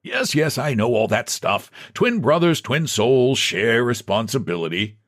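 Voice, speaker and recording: A man voicing a smooth, condescending bank president who talks down to a visitor. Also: mid-range voice, big pitch swings, measured pace, fairly bright tone, dry recording, studio quality, voice pushed up, full character voice. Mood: patronizing. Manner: breezy, patronizing.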